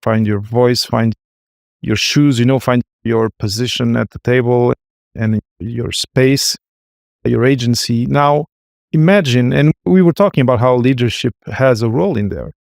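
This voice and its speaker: A man hosting an interview podcast, speaking haltingly with frequent restarts and affirming fillers. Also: mid-range voice, vocal fry, darkish tone, no room sound, clean studio sound. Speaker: podcast host. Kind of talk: interview conversation.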